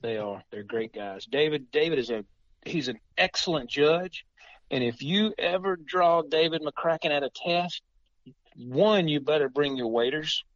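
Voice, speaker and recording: A man's voice: fairly high pitch, measured pace, fairly bright tone, no room sound, muffled recording. A man explaining the rules of retriever tests in a casual chat. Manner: explains rules plainly, agrees often.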